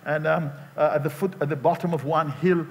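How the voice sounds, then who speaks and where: A man preaching a sermon as pastor, emphatic and rising to shouted call-and-response, in a church sanctuary. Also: fairly high pitch, steady tone, fairly quick. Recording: long reverb of a large hall.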